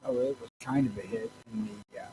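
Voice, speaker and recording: A man's voice: medium pitch, very animated, quick pace, creaky, background noise. A man co-hosting a podcast in casual chat, blunt and grumpy, swearing freely. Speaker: podcast co-host. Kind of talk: casual profane banter.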